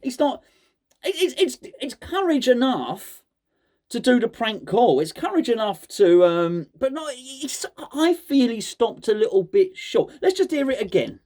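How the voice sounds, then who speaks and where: A man's voice: extremely high pitch, very animated, a little slow, a little mellow. A man hosting a casual chat, mock-serious and joking, often stumbling and repeating words. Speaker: host.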